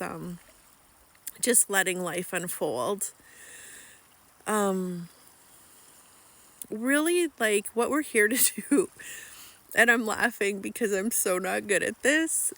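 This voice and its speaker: A woman's voice: medium pitch, fairly bright tone. A middle-aged woman, an author, talking candidly to camera outdoors by a lake, cold and freezing, reflective and self-deprecating with many fillers. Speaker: author and vlogger. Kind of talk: casual reflective vlog monologue.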